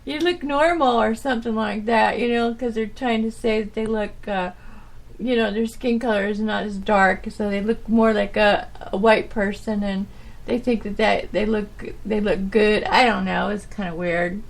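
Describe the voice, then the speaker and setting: A woman's voice: medium pitch, little pitch movement, moderate pace, vocal fry. A woman hosting her own podcast, chatting casually and rambling with lots of fillers and trailing thoughts. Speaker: podcast host. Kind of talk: casual solo chat.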